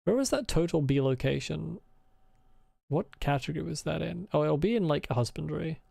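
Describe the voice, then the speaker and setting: A man's voice: a little high, lively intonation, normal speed, vocal fry, warm tone, dry recording, clean studio sound. A man streaming a video game, muttering his plans to himself, swearing freely and answering chat. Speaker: let's play streamer. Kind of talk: casual live gaming chat.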